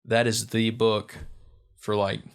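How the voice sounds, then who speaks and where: A young man co-hosting a podcast, telling school stories in an animated, slangy way and laughing often. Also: on the low side, takes it slowly, vocal fry, clean tone. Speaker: podcast co-host. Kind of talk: casual chat.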